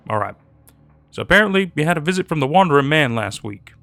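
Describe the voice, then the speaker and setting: A man voicing a gruff, blunt middle-aged government agent with a Western drawl. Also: on the high side, very animated, fast, a bit bright, no echo, exaggerated voice. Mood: blunt, sardonic. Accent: American Western drawl. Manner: blunt, sardonic.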